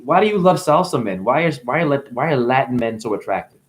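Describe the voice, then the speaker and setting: A man's voice: medium pitch, animated, quick pace. Rambling, profane spiritual teacher man. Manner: free-associating wordplay, profane, bursts of laughter. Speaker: self-styled spiritual teacher.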